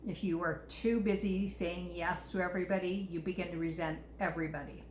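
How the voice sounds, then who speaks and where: A woman's voice: on the low side, fairly even intonation, brisk, slight background noise. An older woman hosting a casual self-help talk, earnest and reflective, sharing personal stories. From Utah, US. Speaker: host. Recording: echoey room with faint ambience.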